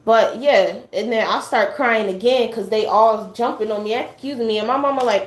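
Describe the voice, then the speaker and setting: A woman's voice: fairly high pitch, normal speed, hardly any pauses. A young adult woman telling a personal story in casual chat. She rambles with many fillers and acts out what her family said. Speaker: guest sharing a personal story. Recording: echoey room.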